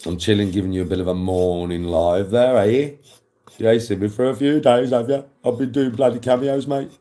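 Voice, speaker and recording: Chirpy, swearing bloke streaming live. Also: male voice, fairly low pitch, fairly quick, mellow. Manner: chirpy, rambling, laughs at his own jokes, heavy swearing. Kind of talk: casual live stream chat.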